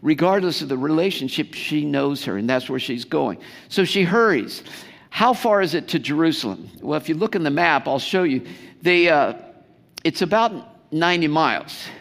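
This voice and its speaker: A man's voice: fairly high pitch, animated, moderate pace, gravelly, a bit bright, in a large hall. A man preaching a sermon as pastor, in a conversational way, often putting questions to his congregation.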